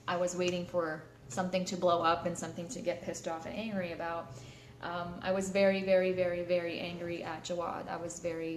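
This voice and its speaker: A woman's voice: on the low side, a little hiss or hum. A woman hosting a live stream, talking candidly to her viewers, with many fillers and restarts. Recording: echoey room, faint ambience.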